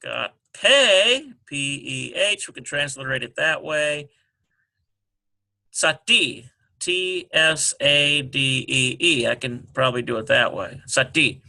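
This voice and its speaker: Man, slow halting teacher, bright edge, gravelly, spells letters out. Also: medium pitch. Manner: slow and halting, sounding out syllables. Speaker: Hebrew teacher. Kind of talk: screen-recorded lesson walkthrough.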